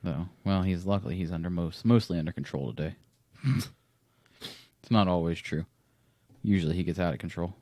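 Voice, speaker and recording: A man co-hosting a podcast in casual chat, rambling and laughing often, with quick restarts. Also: deep voice, dark tone, no echo. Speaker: podcast co-host.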